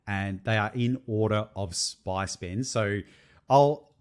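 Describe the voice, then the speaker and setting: A man's voice: fairly low pitch, takes it slowly, clean tone. A young adult man, co-hosting a casual podcast chat and laughing often as he tells stories. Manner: animated, laughs often while telling jokes. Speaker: podcast co-host.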